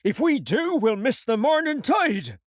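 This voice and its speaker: A man's voice: sits high, huge pitch swings, extremely slow, darkish tone, slightly rough, no room sound, studio quality, pitched above the performer's own voice, full character voice. A man doing a hearty old pirate cook. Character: cheery one-legged pirate cook, adult man.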